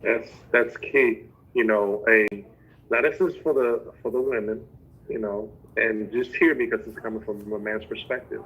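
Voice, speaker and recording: Man co-host, measured preacher, husky and bright. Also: fairly low pitch, steady tone, low-quality recording. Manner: measured, emphatic, building phrase by phrase. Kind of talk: preaching relationship talk.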